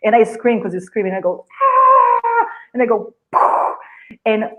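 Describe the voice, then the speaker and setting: Animated woman telling a story. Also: medium pitch, fast, narrow, tinny audio. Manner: animated, acts out sounds and gestures. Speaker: guest healer. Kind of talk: storytelling in a live video chat.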